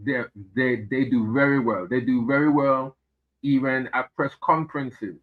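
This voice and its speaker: A man giving his views as a regular guest on a political chat show, speaking in a hesitant, measured way with many fillers and repeated words. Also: medium pitch, steady tone. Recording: tinny phone line.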